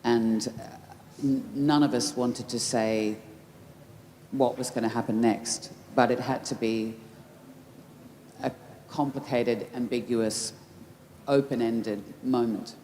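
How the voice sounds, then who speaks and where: A woman's voice: extremely low pitch, steady tone, slow, warm tone. A woman answering audience questions at a festival Q&A, reflective, often restarting mid-thought. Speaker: festival Q&A guest. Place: large festival tent. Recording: roomy festival tent with background noise.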